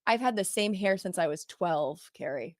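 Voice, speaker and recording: A woman's voice: fairly low pitch, lively intonation, moderate pace, no echo. A woman podcast host wrapping up a casual interview, effusive and chatty with rambling asides.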